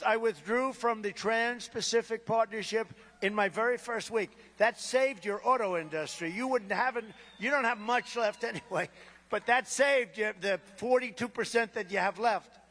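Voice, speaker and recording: A man's voice: sits high, normal speed, a bit bright. A man giving a campaign rally speech off-script, rambling and boastful, with sarcastic asides and repeated phrases. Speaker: political speaker at a rally. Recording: long reverb of a large venue.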